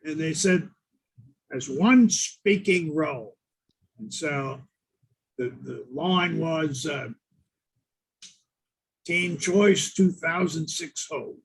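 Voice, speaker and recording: A rough pirate, put on by a man with a growling put-on pirate accent. The voice is husky and slightly high. He speaks slowly and gruffly. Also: heavily acted.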